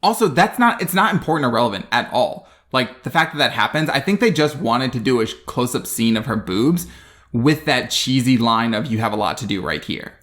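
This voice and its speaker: A man's voice: medium pitch, animated, fairly quick, fairly bright tone. A man co-hosting a podcast, recapping a bad movie in a casual, dry, sarcastic way. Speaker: podcast co-host.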